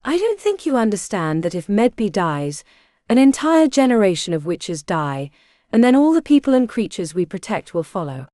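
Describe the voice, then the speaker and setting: A woman voicing a stern eldest witch sister who speaks low and mean, in an audiobook. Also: sing-song, moderate pace, warm tone, no room sound, studio quality, lightly acted. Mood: contemptuous.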